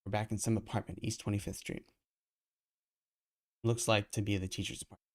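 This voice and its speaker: A man's voice: level tone, a little fast. A man reading a comic book aloud live, with casual asides between panels. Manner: reads aloud, voicing characters with raised pitch.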